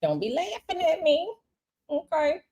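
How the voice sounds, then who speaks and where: A woman's voice: high-pitched, sing-song, measured pace, a little mellow. Chatty woman livestreaming tarot. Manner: chatty, repeats herself, talks straight to viewers. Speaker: tarot reader and livestream host. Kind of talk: casual livestream chat. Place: hotel room.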